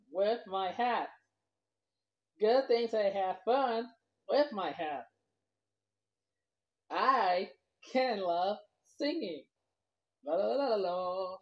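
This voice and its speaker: A woman vlogger telling a children's story, rambling loosely and talking to the kids as boys and girls. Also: medium pitch. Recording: dull lo-fi recording.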